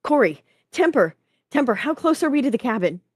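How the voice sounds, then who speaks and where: A woman's voice: high voice, very animated, fairly quick, slightly rough, no room sound, studio quality, pitched above the performer's own voice, exaggerated voice. A woman reading a story aloud, voicing a panicked young male incubus who insists on urgent plans.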